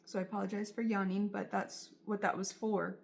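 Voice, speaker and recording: A woman's voice: medium pitch, level tone, fairly quick, vocal fry. A woman giving a tarot reading straight to her viewers, in a soothing, reassuring way and often repeating her phrases. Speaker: tarot reader.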